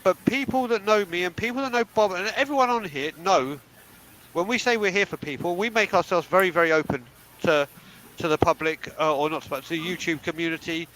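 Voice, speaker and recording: High-voiced blunt man. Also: brisk, fairly bright tone, rough recording. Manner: blunt, emphatic, swears freely. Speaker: podcast co-host. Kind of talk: candid panel talk.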